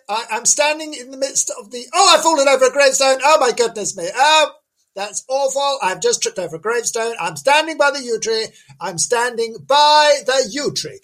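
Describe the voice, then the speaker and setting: A man's voice: very high voice, a bit bright, pitched above the performer's own voice. A man putting on a flustered gushing lady reporter. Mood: alarmed. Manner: breathless, gushing, repeats herself. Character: flustered chatty middle-aged woman field reporter. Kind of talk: comic radio sketch.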